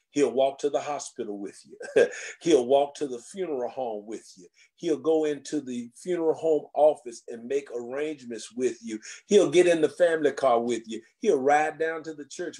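A man preaching a sermon as senior pastor of a church, speaking with a rising, whooping cadence with drawn-out phrases. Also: medium pitch, dark tone. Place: church sanctuary.

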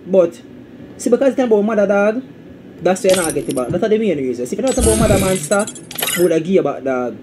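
A man with a Jamaican accent live-streaming to his viewers, repeating catchphrases and breaking into sudden high, loud outbursts. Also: animated, fast, noisy background. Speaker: game streamer.

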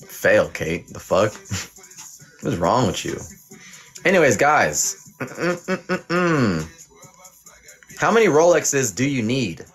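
Speaking slowly in a sing-song, husky, mid-range voice with long pauses, a young man hosts a livestream while faint music plays behind him. He acts as a mock teacher, reading chat and handing out teasing, profane pass-or-fail verdicts.

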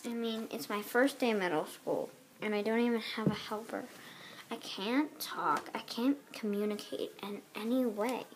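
A woman's voice: on the high side, moderate pace, slight background noise. A woman voicing all the characters of a homemade doll drama, switching between girlish voices with giggles and whispers. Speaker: doll video voice performer.

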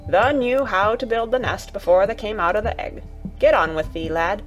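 Woman doing a farm boy, broad dialect, earnest and gentle, faint music. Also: medium pitch, normal speed, dull audio, lightly acted. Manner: broad dialect, warm and coaxing.

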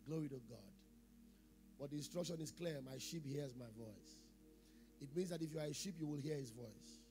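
A middle-aged man preaching a sermon as pastor, asking the congregation questions, repeating phrases, and swinging between loud emphasis and quiet asides. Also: on the high side, normal speed, music in the background.

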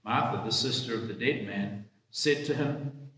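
Priest preaching in an echoey church. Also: male voice, on the low side, measured pace, bright, forceful tone. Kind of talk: gospel reading and sermon.

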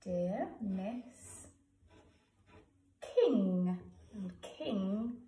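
A woman with an English accent teaching a home writing lesson to young children. She talks slowly and sounds words out letter by letter. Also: mid-range voice, animated, warm tone, a little hiss or hum. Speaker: primary school teacher. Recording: echoey room, voice from a distance.

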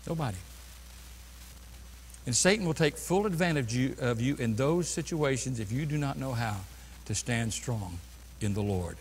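A man preaching a sermon as pastor, swinging from loud bursts down to quiet, low passages. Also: lively intonation, moderate pace, pauses often, big-room sound, a little hiss or hum. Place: church sanctuary.

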